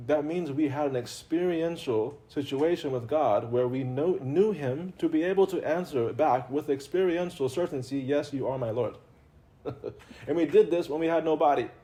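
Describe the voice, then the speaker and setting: Mellow-voiced man giving spiritual talk. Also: on the high side. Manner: conversational and playful, laughs often, repeats himself. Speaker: religious teacher. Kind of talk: informal spiritual talk to a live audience.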